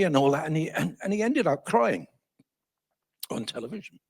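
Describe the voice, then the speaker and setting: Older male storyteller, husky and animated, self-deprecating. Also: a little high, normal speed, pauses often. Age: 70s. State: voice failing, coughing. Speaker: guest speaker. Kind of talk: anecdotal storytelling at a talk.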